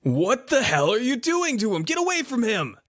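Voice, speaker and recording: A man voicing an alarmed suburban homeowner who shouts and stammers threats at a monster in his backyard. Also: lowish voice, quick pace, close to an everyday voice. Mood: yelling.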